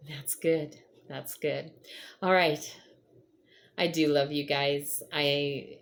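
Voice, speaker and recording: A woman's voice: sits low, a little hiss or hum. A middle-aged woman hosting her own channel, telling a personal faith story to her viewers in an earnest, emotional way. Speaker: vlog host.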